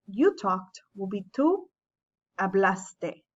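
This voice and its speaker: A woman teacher explains grammar at an unhurried, deliberate pace. Her voice sits at a middling pitch and comes through a somewhat dull, lo-fi recording. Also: very animated. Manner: slow, patient explaining. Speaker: Spanish teacher. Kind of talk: classroom lesson narration.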